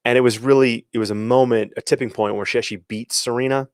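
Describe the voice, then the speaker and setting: A man's voice: medium pitch, fairly even intonation, fast, no echo, studio quality. A man hosting a sports coaching show, giving emphatic opinions with many restarts and quoted asides. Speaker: podcast host and athletic coach. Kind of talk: opinionated solo commentary.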